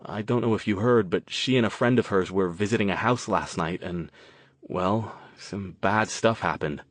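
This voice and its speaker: A man's voice: lowish voice, moderate pace, dry recording, lightly acted. Narrator guy doing an earnest young dude, kinda urgent, dry close sound. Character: earnest young man searching for his sister.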